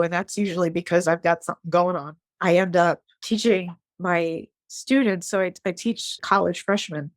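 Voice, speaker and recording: A woman's voice: on the low side, normal speed, hardly any pauses, no echo. A woman around forty from New Jersey, a podcast guest telling a personal story in a frank, blunt way, swearing casually and acting out the dialogue she quotes. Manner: acts out quoted dialogue with animated shifts.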